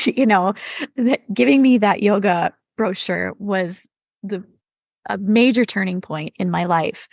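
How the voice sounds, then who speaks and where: A middle-aged woman telling her life story in an earnest, reflective way, her voice carrying a gravelly fry at the edges. The sound is close and dry, with no room around it. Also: medium pitch, no room sound. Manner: earnest and reflective, recounting turning points. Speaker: podcast guest, yoga teacher. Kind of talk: personal storytelling.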